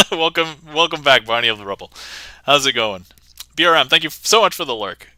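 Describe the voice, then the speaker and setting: A man's voice: on the high side, expressive, brisk, pushed and bright, dry recording. A man performing card magic on a livestream, chatting playfully with viewers, laughing often and thanking them by name. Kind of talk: casual livestream patter.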